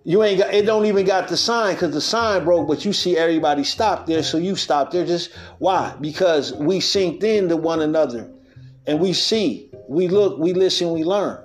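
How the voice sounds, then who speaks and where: A man's voice: fairly high pitch, normal speed. Street-talking man musing over faint music. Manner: street-talking, laughs often, acts out quotes. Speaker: podcast host. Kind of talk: loose spiritual monologue.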